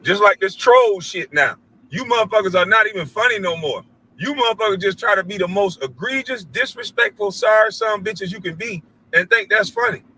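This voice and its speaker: A middle-aged man hosting a show, delivering a loud, profane, preachy commentary rant and mimicking others in a high voice. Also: sing-song, a little fast, slightly rough, rough recording. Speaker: show host.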